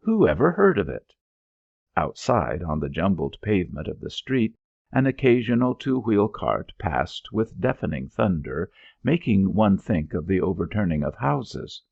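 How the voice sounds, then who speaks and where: A male audiobook narrator with a very deep, gravelly voice that rises and falls in a lively way. He tells the story expressively, with a husky grain. The recording is dry and dull. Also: measured pace, dry recording. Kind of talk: scripted narration.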